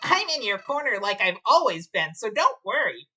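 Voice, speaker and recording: A woman's voice: mid-range voice, very animated, normal speed, bright, forceful tone, slightly rough, faint music behind, pitched above the performer's own voice, exaggerated voice. A woman voicing a smug, mocking male talking flower, reading game dialogue on a stream with a gloating, sing-song taunting delivery. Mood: sly.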